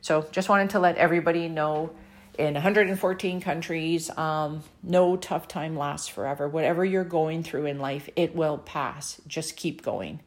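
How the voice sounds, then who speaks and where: A middle-aged woman from Canada telling a personal story with deep emotion, earnest and encouraging, her mouth dry. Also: normal speed. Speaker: author and speaker sharing a personal story.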